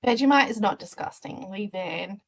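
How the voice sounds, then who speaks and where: A woman's voice: mid-range voice, brisk, low-quality recording. Giggly, self-conscious woman co-host. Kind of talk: casual live-stream banter.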